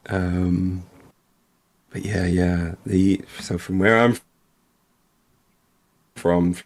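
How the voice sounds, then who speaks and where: Low gravelly guy rambling on a stream, laughs at himself a lot. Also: steady tone, drawn-out words, pauses often. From Essex, England. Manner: rambling, self-deprecating, laughs often. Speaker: livestream co-host. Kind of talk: casual chat while painting.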